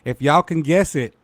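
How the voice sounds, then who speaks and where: A man's voice: on the high side, creaky, dry recording. A man hosting a live-stream talk show, playful and joking, greeting viewers by name between laughs. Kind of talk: casual live-stream chat.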